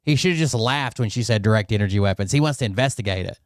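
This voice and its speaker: A man's voice: fairly low pitch, fast talker, background noise. A man giving casual, sarcastic reaction commentary over a video clip. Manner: sarcastic, incredulous.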